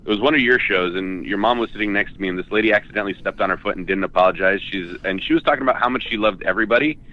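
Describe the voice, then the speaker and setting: A man's voice: fairly low pitch, rapid-fire. A man in his forties from Southern California, a radio guest casually reminiscing. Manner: easygoing, anecdotal. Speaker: guest, former intern. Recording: dull, lo-fi sound.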